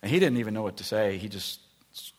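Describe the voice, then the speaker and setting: A man's voice: on the low side, quick pace. A male pastor preaching a sermon, telling stories and acting out the voices of the people in them. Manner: animated storytelling, acting out voices.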